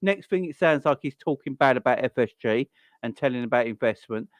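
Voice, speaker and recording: A man's voice: medium pitch, animated, brisk, no room sound. A young man hosting a live stream, ranting in an exasperated, repetitive way and swearing now and then. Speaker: fan channel host. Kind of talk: live-stream football rant.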